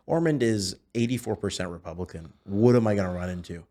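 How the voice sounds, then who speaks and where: Guy in his 20s, guest on a podcast, animated storyteller, keeps restarting lines. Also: fairly low pitch, normal speed. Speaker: podcast guest, celebrity impersonator. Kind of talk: casual storytelling chat.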